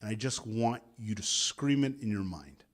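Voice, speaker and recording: A man's voice: lowish voice, animated, normal speed. Man leading a meditation chant. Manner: leads group chanting, call and response. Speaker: meditation teacher. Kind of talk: guided meditation talk. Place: interfaith gathering hall.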